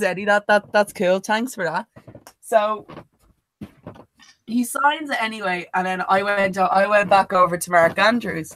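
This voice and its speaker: A woman's voice: mid-range voice, slight background noise. A young Irish woman telling a swear-laden anecdote on a podcast, acting out what others said. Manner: animated anecdote-teller who swears freely and mimics others in quotes. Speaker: podcast co-host. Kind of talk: casual storytelling chat.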